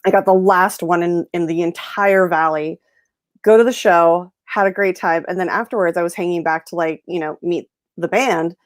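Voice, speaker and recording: A woman's voice: fairly low pitch, steady tone, moderate pace, dry recording, studio quality. A woman hosting a podcast, chatty and often laughing, in casual talk. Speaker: podcast host. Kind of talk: casual chat.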